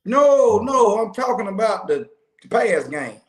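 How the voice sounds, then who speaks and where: A man's voice: high-pitched, very animated, unhurried. A man hosting a casual sports podcast, opening with showman-style introductions and teasing his co-hosts. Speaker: podcast host. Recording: echoey room with faint noise.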